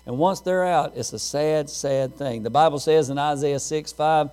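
Preacher, middle-aged man, folksy and a touch high-pitched, tells stories from the pulpit. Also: moderate pace, hardly any pauses, warm tone. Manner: folksy storytelling with laughs. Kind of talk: sermon.

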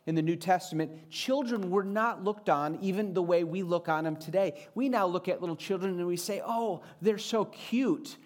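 A man delivers a sermon in an earnest, teaching manner. His voice sits a touch higher than typical for a man, and he slows down and speeds up to stress his points. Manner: earnest, varies pitch and pace for emphasis. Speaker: pastor.

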